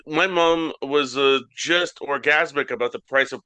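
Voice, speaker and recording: A man co-hosting a comedy podcast, telling absurd deadpan stories and squeaking up high when he quotes his mom. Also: normal speed, hardly any pauses, no room sound. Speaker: podcast co-host. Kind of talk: casual comedic chat.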